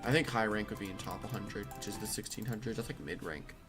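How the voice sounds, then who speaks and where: Young male streamer, tired and offhand, slightly low voice, game music under him. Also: a little fast. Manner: offhand, reads chat questions aloud and answers. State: tired, flat. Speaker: streamer answering chat. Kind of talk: casual live-stream chat.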